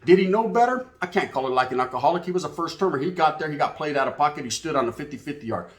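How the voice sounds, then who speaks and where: A man's voice: on the high side, lively intonation, rapid-fire. A man telling a street story in casual, profane slang, dropping in Spanish words. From California.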